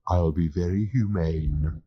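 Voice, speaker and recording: A man voicing a courteous bovine creature, mellow and slow. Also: sits low, slight background noise. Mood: obliging. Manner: polite, unhurried, obliging. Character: genteel bovine creature bred to be eaten, courteous. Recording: dull lo-fi old tape.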